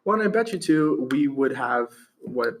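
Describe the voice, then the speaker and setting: A man's voice: medium pitch, expressive, moderate pace, slight background noise, low-quality recording. An American man co-hosting a podcast, chatting loosely with many fillers. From United States. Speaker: podcast co-host. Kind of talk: casual chat.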